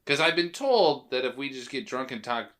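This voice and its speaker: A man on a movie podcast talks in a laid-back, wry way. His medium-pitched voice has a bright, forward edge to it. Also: expressive, slight background noise. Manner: laid-back, wry, quick agreeing interjections. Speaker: podcast co-host. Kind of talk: casual chat about movies.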